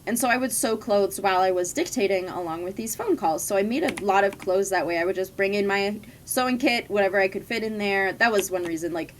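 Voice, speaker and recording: A woman's voice: medium pitch, brisk, hardly any pauses, slight background noise. A young adult woman streamer chatting casually and rambling through stories from her past jobs while she plays. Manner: rambling, chatty storytelling with frequent laughs. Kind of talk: casual chat while gaming.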